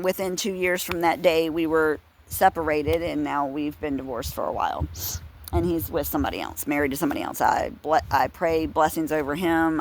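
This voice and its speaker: A woman's voice: low voice, a little hiss or hum. A woman giving a casual personal testimony, earnest and confessional, rambling with restarts and bursts of laughter. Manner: rambling, full of fillers and restarts, breaks into laughs. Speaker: Christian speaker sharing her testimony.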